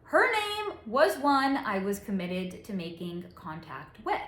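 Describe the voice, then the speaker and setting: Slow, lively-voiced woman psychic. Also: medium pitch. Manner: deliberate, dramatic pauses, laughs often. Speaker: psychic reader. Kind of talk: storytelling monologue. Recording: echoey room.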